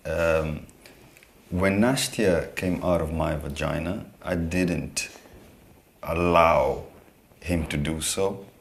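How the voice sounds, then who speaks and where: A man's voice: extremely low pitch, steady tone, takes it slowly, a little hiss or hum. A man being interviewed as an artist, speaking hesitantly with many repeated words and restarts. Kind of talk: conversational interview.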